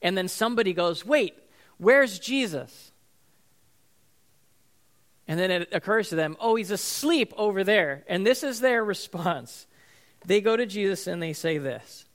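A man, likely a pastor, giving a casual, conversational sermon with frequent ums and likes, now and then acting out the people in the story. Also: high voice.

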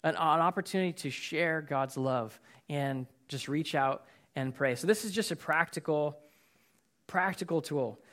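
Man, pastor, conversational sermon, earnest, fillers and restarts, somewhat high voice. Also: unhurried, a bit bright. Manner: casual, earnest, many fillers and repeated words. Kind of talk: conversational sermon with personal stories.

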